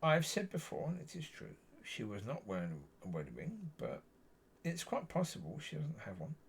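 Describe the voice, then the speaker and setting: A man's voice: a little high, huge pitch swings, moderate pace, gravelly, a little hiss or hum. A man giving a rambling personal faith testimony to camera, often repeating and correcting himself. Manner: meandering, repeats himself, frequent self-corrections. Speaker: Christian vlogger.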